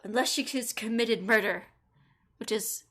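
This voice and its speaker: A woman's voice: on the high side, measured pace, fairly bright tone. A woman streamer chatting casually and swearing as she plays through a game. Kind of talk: casual game playthrough chat.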